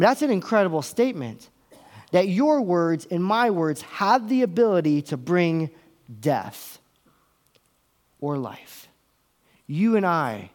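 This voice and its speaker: A man delivering a sermon in a somewhat high voice. He slows right down and pauses on the words he wants to land. He sometimes acts out inner voices, from hushed whispers to raised exclamations. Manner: dramatic pauses, slows down for emphasis. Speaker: pastor.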